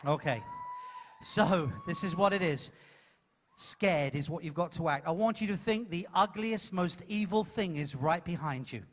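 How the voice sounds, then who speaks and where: A man's voice: sits high, measured pace, slight background noise. A man hosting a live comedy show, coaching a volunteer from the audience with playful, teasing patter on a cruise ship stage.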